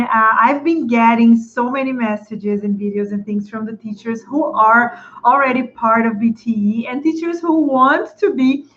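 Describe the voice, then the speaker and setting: A woman's voice: on the high side, muffled recording. Upbeat woman hosting a live stream. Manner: upbeat, greets viewers by name. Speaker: livestream host coaching English teachers. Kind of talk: live stream greeting viewers.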